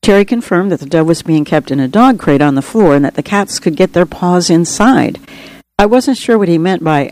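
A woman's voice: on the low side, lively intonation, normal speed, a little mellow, poor audio. A woman author reading her own book aloud in an earnest, reflective first-person storytelling manner. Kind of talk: audiobook reading.

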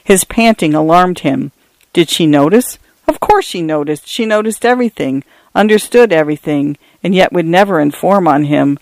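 A man reading a story aloud in a measured, even audiobook narration. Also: a little high, no room sound.

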